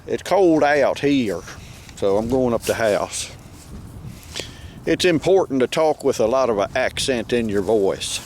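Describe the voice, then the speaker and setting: A folksy male farmer with a drawl rambles outdoors in a pasture, speaking into a handheld camera. His voice sits at an ordinary pitch, and a faint hiss of outdoor noise runs underneath. He talks in an easygoing, wry way. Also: lively intonation, unhurried, darkish tone. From Southern Maryland, United States. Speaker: farmer vlogger. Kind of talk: casual walk-and-talk narration.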